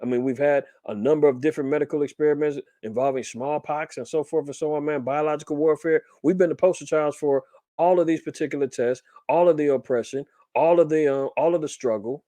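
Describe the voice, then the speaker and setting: Animated man reading and riffing on news. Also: a little high, brisk, no room sound. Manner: animated, rhetorical questions, reads then riffs. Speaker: podcast host reading and commenting on news. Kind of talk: casual commentary reading articles aloud.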